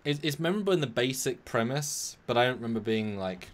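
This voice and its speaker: A man co-hosting a casual chat, recapping a story from memory in a rambling, animated way with sudden jumps in pitch. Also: quick pace. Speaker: podcast co-host recapping an episode from memory.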